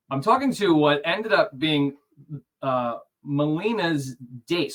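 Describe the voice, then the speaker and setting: A man in his forties telling a story as a guest on a video-call interview, animated, acting out the dialogue with little chuckles. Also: medium pitch. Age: 40s. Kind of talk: casual storytelling.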